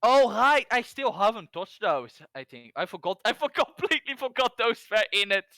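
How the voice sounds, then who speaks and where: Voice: medium pitch, sing-song, normal speed, bright, forceful tone, no echo. A guest player on a game stream, chatting loosely, giggling and swearing casually. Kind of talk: casual chat while gaming.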